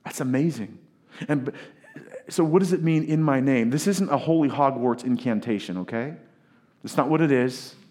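A middle-aged male pastor preaching a sermon at a medium pitch. He is emphatic, leans on dramatic pauses, and swings from loud declarations to hushed asides.

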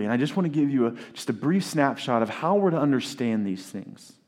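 A middle-aged male pastor preaching a sermon at a medium pitch. He is emphatic, leans on dramatic pauses, and swings from loud declarations to hushed asides.

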